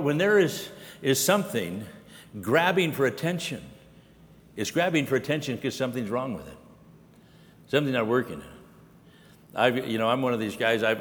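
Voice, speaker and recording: An older male pastor delivers a rambling, homespun sermon, full of "you know" and restarts. His mid-pitched voice rings through a conference hall with a long reverb tail. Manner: folksy, rambling, with many fillers.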